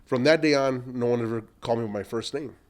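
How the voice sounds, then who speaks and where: A middle-aged man, an entrepreneur, telling long animated anecdotes in a podcast interview and acting out what other people said. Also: mid-range voice, fast. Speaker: entrepreneur guest.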